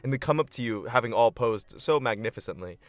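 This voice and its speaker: A man narrating a tabletop fantasy game as game master, his pitch moving lively through the scene. He tells it in a casual, animated way with easy fillers, recorded dry and close. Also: fast, no room sound.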